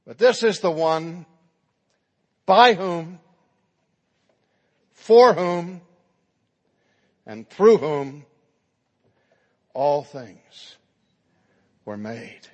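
A man's voice: a little high, animated, drawn-out words, long pauses, darkish tone, in a large hall. A man preaching a sermon, telling the story dramatically and acting out the quotes.

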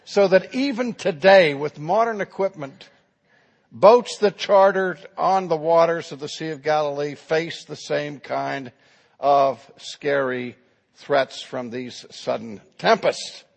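Gravelly preacher in a reverberant hall. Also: male voice, on the high side, slow. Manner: dramatic storytelling with acted quotes. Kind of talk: sermon.

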